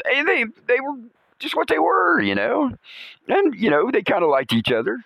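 A middle-aged man hosting a podcast, telling a crude rambling comic story with chuckles, dropping to low mutters and jumping to high exclamations. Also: huge pitch swings, normal speed, gravelly, pushed and bright, no echo, low-quality recording. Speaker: podcast host.

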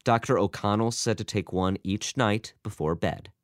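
A man's voice: on the low side, moderate pace, dry recording, clean studio sound, lightly acted. A man reading a story voices a middle-aged wife with a raised, strained voice. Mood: flat. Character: anxious wife, middle-aged woman, blunt.

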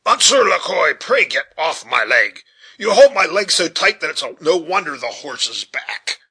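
Flustered vain gentleman played by a man, shouting, raised pitch, husky, storybook. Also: very animated, normal speed, heavily acted. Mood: agitated. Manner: agitated, shouting.

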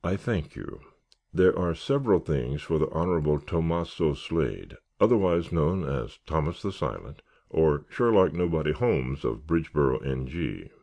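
A man's voice: a bass voice, sing-song, normal speed, vocal fry, a little mellow, full character voice. A man reading the part of an irrepressible, wisecracking teenage boy scout who jokes in a mock-formal, punning way. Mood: joking. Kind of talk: audiobook character reading.

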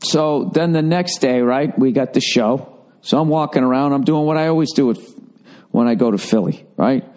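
A middle-aged comedian hosts his podcast, spinning a rambling, profane comic story and poking fun at himself as he goes. His voice sits in the mid-range, a little mellow, at a moderate pace.

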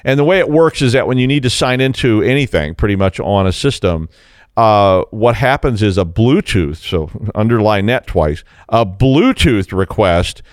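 A man's voice: on the low side, lively intonation, normal speed, clean tone, no room sound, clean studio sound. Wry, rambling man. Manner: wry, sarcastic, rambling with stutters and restarts. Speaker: tech news show host. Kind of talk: casual spoken commentary.

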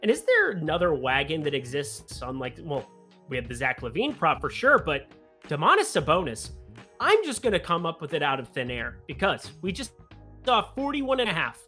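Animated man giving sports picks. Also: on the high side, moderate pace, soft background music. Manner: animated, chatty, with self-mocking asides. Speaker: sports betting analyst and show host. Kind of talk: casual sports picks commentary.

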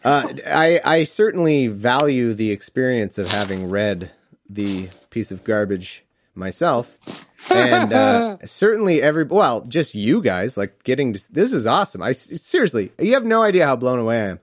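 A man's voice: medium pitch, very animated, moderate pace, no room sound. Guy hosting his podcast, laughs a lot, curses, voice jumps all over, dry sound. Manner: laughing, self-mocking, profane. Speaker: podcast host. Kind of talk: casual chat with listeners.

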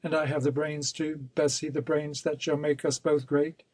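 A man's voice: fairly high pitch, little pitch movement, moderate pace, a little mellow, breathy edge, dry recording. A man voicing a ruthless male villain in a novel reading, cold and insistent, turning coaxing. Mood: villainous. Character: scheming, ruthless male villain, pleading and menacing.

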